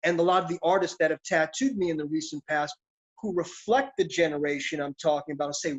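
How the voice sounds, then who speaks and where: A man's voice: on the high side, fast talker. A middle-aged man, an actor, talking in a reflective, philosophical, street-casual way in an interview. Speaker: actor guest. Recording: dull lo-fi sound.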